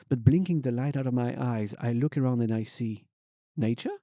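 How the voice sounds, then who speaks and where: A young man streamer reading fan fiction aloud as a comic dramatic reading, swinging between hushed and loud. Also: mid-range voice, a little fast, no echo, clean studio sound.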